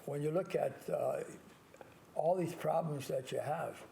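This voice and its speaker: An older man with a warm but gravelly, creaky voice that sits a little high talks as a priest hosting his own call-in show, giving an earnest, repetitive motivational monologue. He leans on single key words, slowing right down to stress them, and often restarts himself. A faint low rumble runs beneath the recording.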